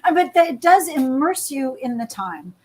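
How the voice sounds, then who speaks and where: A woman's voice: high-pitched, big pitch swings, unhurried, darkish tone, slight background noise, rough recording. A woman interviewing an author in a live online chat, enthusiastic and effusive. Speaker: interviewer, host.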